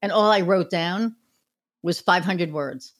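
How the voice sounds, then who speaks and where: A woman who owns a marketing business chats casually and candidly as a podcast guest, swearing freely and acting out what people said. She speaks slowly in a lowish voice.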